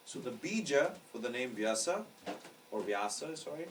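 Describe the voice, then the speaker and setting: A man's voice: mid-range voice, very animated, moderate pace. Man teaching, patient and explanatory. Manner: patient, explanatory, often checks understanding. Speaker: astrology teacher. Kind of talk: classroom lecture. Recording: distant mic with faint background noise.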